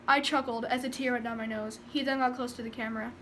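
A woman's voice: on the high side, fairly even intonation, fast talker, a bit bright, slight background noise. A woman vlogger chatting nervously with sighs, then reading her own story aloud. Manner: rambling, sighing, nervous. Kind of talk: casual chat and story reading.

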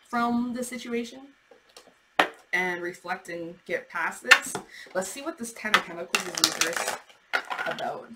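A woman giving a casual, chatty tarot reading, animated and swearing as she acts out imagined replies. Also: medium pitch, very noisy. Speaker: tarot reader.

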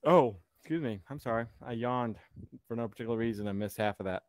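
A man's voice: medium pitch, fast talker, no echo, studio quality. A man hosting a casual live chat, rambling and sarcastic. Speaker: host.

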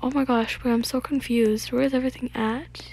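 A female gaming YouTuber giving casual gameplay commentary, excitable and gushing, full of exclamations and reading game text aloud. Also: high-pitched, fairly quick.

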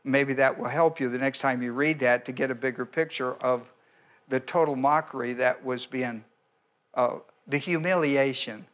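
A male pastor giving a verse-by-verse sermon, speaking deliberately, with frequent restarts and an occasional clearing of the throat. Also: medium pitch, fairly even intonation, fairly bright tone.

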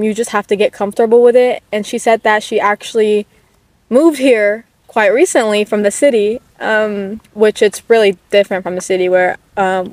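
A young woman in her late teens, talking casually and softly to the camera at a park, rambling with lots of "like"s and getting emotional. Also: mid-range voice, no room sound. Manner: soft-spoken, rambling, emotional, many "like"s. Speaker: vlogger. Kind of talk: casual chat. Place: outdoors at a park. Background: dogs barking at times.

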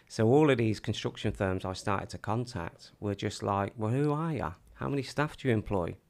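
A man's voice: lowish voice, normal speed, gravelly. A man telling his own story casually, acting out the things people said to him. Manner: animated storyteller acting out quoted dialogue.

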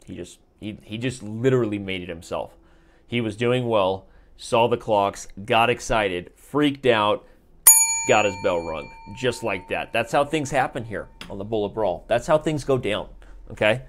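A man's voice: lowish voice, unhurried. A man hosting a live chess stream, commentating his games with playful, joking banter.

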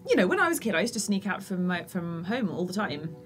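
Lively-voiced woman player, faint music behind. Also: fairly low pitch, quick pace. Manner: friendly, searching for words. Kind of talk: casual tabletop game chat.

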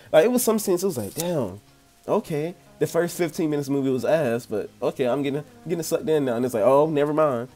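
A man's voice: medium pitch, mellow. A young man reviewing a movie in a casual, rambling rant, swearing and laughing as he goes.

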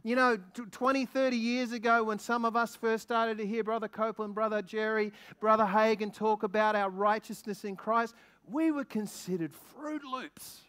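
A man preaching a sermon as a guest minister, excitable and lively, asking the congregation many questions. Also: high-pitched, clear, resonant tone. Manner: excitable, quickens when stirred.

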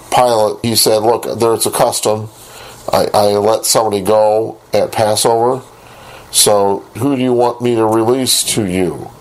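A man teaching a Bible lesson, reading scripture aloud and posing rhetorical questions in a deliberate way. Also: lowish voice, breathy edge, rough recording. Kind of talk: recorded Bible study lesson.

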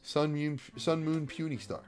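A man hosts a let's-play, chatting casually as he reads the game's text aloud and riffs on it with laughter. His voice sits a little high, with fairly even intonation, a slightly mellow quality, and a normal speed. Video game music plays underneath him throughout.

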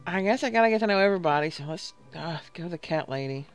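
A woman's voice: lowish voice, lively intonation, fast talker, soft background music. A woman casually talking through her gameplay, thinking aloud and reading out game text. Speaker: gaming video host.

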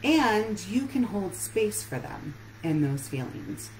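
A woman's voice: medium pitch, big pitch swings, takes it slowly, a little hiss or hum, low-quality recording. A woman relationship coach giving an earnest live-streamed talk that puts many questions straight to her listeners.

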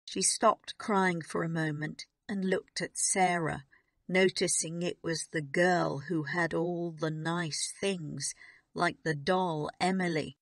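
Slow, clear woman reading a storybook. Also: lowish voice, steady tone, fairly bright tone, no room sound, clean studio sound. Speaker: narrator. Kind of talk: graded reader audiobook narration.

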